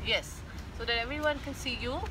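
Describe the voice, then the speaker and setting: High-voiced woman guiding kids' yoga. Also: background noise. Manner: slow, gentle step-by-step instructions. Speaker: yoga instructor. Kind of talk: guided mother-and-child yoga class.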